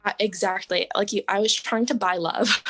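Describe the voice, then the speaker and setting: A young woman, a podcast guest, telling her story in casual conversation, full of "like" and "um" and quick laughs. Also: mid-range voice, fairly even intonation, fairly bright tone, soft background music. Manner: chatty, lots of "like" and "um", laughs often.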